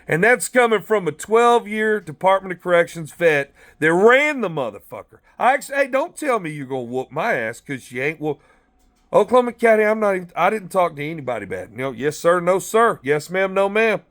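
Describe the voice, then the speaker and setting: A man's voice: sits high, normal speed. A man who is a former corrections officer, telling blunt, profane stories in a rambling monologue from inside a car. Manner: profane, blunt, animated storytelling.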